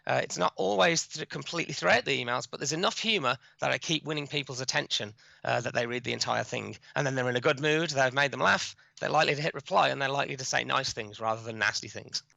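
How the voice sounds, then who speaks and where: A man being interviewed as a guest on a podcast, explaining his work in a quick, chatty way with many restarts. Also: mid-range voice, gravelly, bright, forceful tone, no echo, poor audio. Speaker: guest, cold outreach expert.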